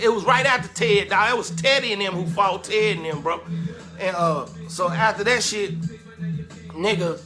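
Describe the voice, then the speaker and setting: A man casually telling a lively, slangy story about his club days and acting out the quotes. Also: high-pitched. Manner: animated, slangy, acts out quotes with laughter.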